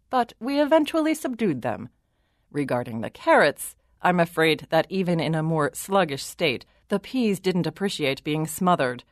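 A woman's voice: on the low side, no echo, studio quality. A woman voicing a palace servant who reports to the king in a polite, formal, matter-of-fact way.

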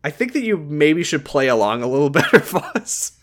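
A man co-hosting a casual podcast, recapping a movie in a laid-back, swearing way and reading its lines in flat mocking voices. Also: on the high side, fast talker. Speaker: podcast co-host. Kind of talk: casual chat recapping a film.

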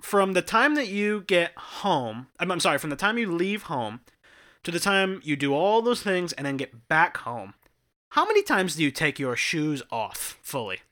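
A young man co-hosting a podcast, telling an animated story with lots of laughs and restarts. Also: fairly high pitch, moderate pace. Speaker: podcast co-host. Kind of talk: casual chat. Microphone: headphones and studio mic.

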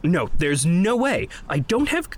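Jittery young vampire guy, stammers a lot, voice jumps all over, slow and halting, bit of music behind. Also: on the low side, very animated. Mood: anxious. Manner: stammering, breathless, pleading. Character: young male vampire, anxious, guilt-ridden. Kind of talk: audio drama acting.

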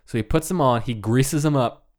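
At a normal speed, a man with a mid-range, slightly dark voice offers a wry, casual retelling of a fairy tale, fillers and all. He's a podcast co-host doing some easygoing comedic storytelling.

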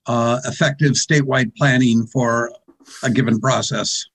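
A man speaking haltingly in a casual conversation. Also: mid-range voice, steady tone, breathy edge.

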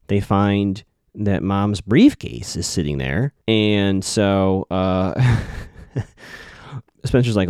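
Low-voiced man musing through a recap. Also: expressive, moderate pace, a little mellow, no room sound, studio quality. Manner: thinking aloud, self-correcting, musing. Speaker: TV episode recapper. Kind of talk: casual spoken recap.

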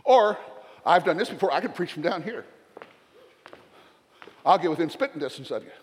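Older southern preacher guy, folksy and jokey, bit high voiced, church hall echo. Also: lively intonation, moderate pace, long pauses. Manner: folksy, joking asides. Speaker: retired pastor. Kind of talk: sermon.

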